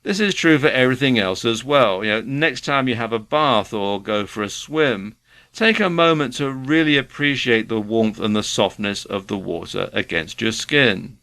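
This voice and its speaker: A man giving self-help advice in a relaxed, conversational way. His pitch rises and falls with lively movement, and his voice has a bright, forward edge. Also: moderate pace. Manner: earnest, advising, conversational. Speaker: self-help video presenter. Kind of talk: motivational talk to camera.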